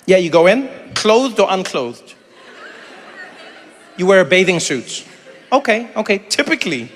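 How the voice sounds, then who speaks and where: A man's voice: high-pitched, very animated, a bit bright, big-room sound, a little hiss or hum. A man doing playful, teasing crowd work as a stand-up comedian on a live stage. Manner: playful, teasing, quick asides.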